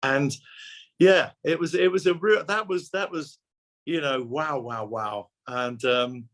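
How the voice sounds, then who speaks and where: A man's voice: a little high, slow pace, a bit bright. An older man in his sixties chats as an interview guest, effusive and full of stories. He repeats himself and restarts his phrases, and he laughs easily as he goes. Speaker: musician guest. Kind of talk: casual interview chat.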